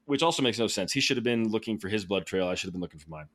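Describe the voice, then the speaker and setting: A man telling a story casually as a podcast guest, animated and excited, laughing and restarting sentences. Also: fairly low pitch, fast.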